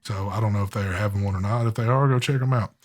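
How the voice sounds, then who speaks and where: A man's voice: fairly low pitch, fast talker, a little mellow. A man hosting a live online show in casual chat, talking in an easygoing, drawling way with frequent fillers. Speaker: host of a live vape show.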